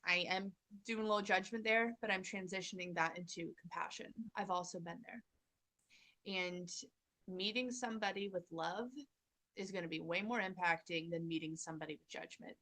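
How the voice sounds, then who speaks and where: A woman's voice: fairly low pitch, a bit bright. A woman hosting a parenting channel, talking earnestly to camera in a casual motivational style and acting out her own inner dialogue.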